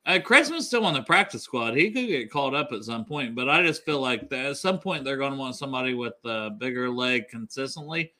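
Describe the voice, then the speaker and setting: Male sports podcast host, bright tone, relaxed and encouraging banter. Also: medium pitch, a little fast, hardly any pauses. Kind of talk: casual sports chat.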